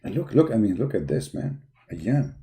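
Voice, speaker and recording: Very animated yet mellow, a man with a voice on the low side talks at a moderate pace while hosting a live call-in debate stream. He mocks and insults his opponents, repeating himself for emphasis, his voice tired as he searches a website.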